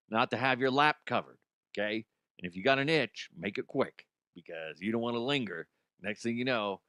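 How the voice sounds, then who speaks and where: A man's voice: mid-range voice, fairly bright tone, dry recording. A man hosting a comedy podcast, ranting about odd news in an exaggerated way, laughing at his own jokes, close to the mic. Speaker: podcast host.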